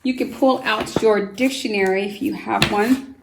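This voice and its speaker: Gentle woman teacher in an echoey room. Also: medium pitch, fairly even intonation, moderate pace, creaky, background noise. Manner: patient, spells words out letter by letter; gentle and encouraging, with frequent fillers. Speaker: homeschool teacher. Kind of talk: vocabulary lesson for children.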